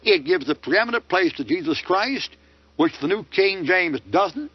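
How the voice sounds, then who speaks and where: Combative preacher. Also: male voice, sits high, expressive, measured pace, husky. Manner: combative, rhetorical questions with mocking answers. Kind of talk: sermon lecture. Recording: dull lo-fi dry recording.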